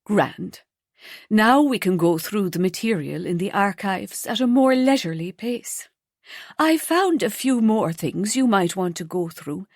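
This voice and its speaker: A woman playing a calm, wise old grandmother, unhurried and soothing. Each line comes slow and gentle, close and dry on the mic of a storybook reading. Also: medium pitch, dry recording. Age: older. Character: warm, wise grandmother, Sylvia.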